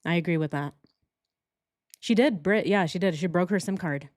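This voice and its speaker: A woman's voice: lowish voice, moderate pace, a little mellow. A woman hosting a true crime reaction video, chatting casually in a sarcastic, emphatic way.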